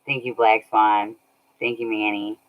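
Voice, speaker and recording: A woman's voice: very deep voice, level tone, a little slow. A woman chatting casually on a livestream, laughing often and thanking viewers by name. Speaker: streamer reading chat. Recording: dull lo-fi audio.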